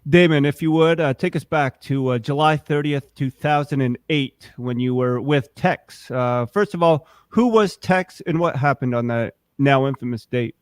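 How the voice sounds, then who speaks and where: A man hosting an interview. He asks measured questions with a few "uh" fillers. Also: medium pitch, clean tone, no room sound, studio quality. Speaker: interview host.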